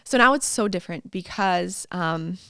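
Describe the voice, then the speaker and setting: A woman guest and fitness coach chatting in an interview, a lively storyteller who laughs often and acts out what people said. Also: lowish voice, moderate pace, smooth, no room sound, clean studio sound. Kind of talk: casual interview chat.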